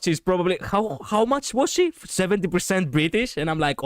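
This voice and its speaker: Smooth-voiced rambling male streamer. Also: high voice, big pitch swings, normal speed, hardly any pauses, no echo, clean studio sound. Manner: rambling, chatty, laughs often, self-correcting. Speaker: VTuber streamer. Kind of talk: casual livestream chat reading viewers.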